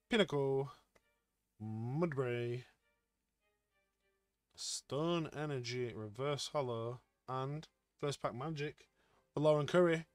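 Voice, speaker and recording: A man live-streaming as he opens trading card packs, chatting excitedly with his viewers. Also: medium pitch, dry recording. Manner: excitable, chatty, talks to chat. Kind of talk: casual live-stream chat.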